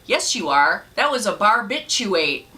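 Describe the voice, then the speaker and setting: A woman voicing a stubborn male bartender who flatly refuses in a joke she tells. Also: mid-range voice, moderate pace, voice pushed up. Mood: firm. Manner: flat, firm refusals.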